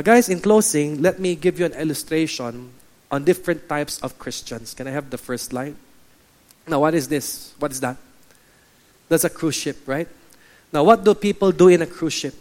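A man preaching to his church, acting out the voices of churchgoers with lively energy. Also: fairly high pitch. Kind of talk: sermon. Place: church hall.

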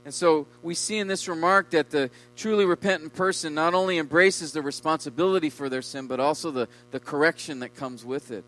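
A man preaching a sermon with emphasis, his voice swelling loud on key words and dropping low. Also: a little fast, hardly any pauses, low-quality recording. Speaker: pastor.

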